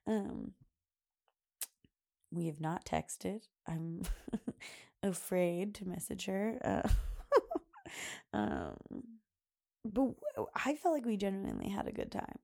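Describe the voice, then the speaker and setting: A woman's voice: mid-range voice, very animated, slow, creaky, pauses often, a little mellow. A young woman hosting a podcast, chatting casually and rambling with lots of laughs and filler words. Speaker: podcast host. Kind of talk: casual solo chat.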